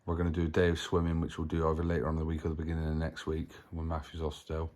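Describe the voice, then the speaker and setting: A man's voice: very deep voice, completely flat delivery, racing, darkish tone. A man hosting a family vlog, talking in a rambling, matter-of-fact way. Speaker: vlog host, parent. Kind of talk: casual chat to camera.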